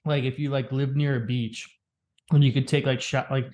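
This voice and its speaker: A man's voice: mid-range voice, little pitch movement, normal speed, darkish tone. A young man co-hosting a podcast, swearing, joking and laughing through casual banter. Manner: profane, jokey, laughs often. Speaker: podcast co-host.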